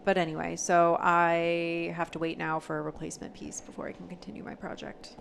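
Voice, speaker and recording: Female co-host, low and gravelly, wry and chatty, faint room noise behind her. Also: level tone, fairly quick. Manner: wry, laughs often, reads trivia questions. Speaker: podcast co-host. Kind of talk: casual chat.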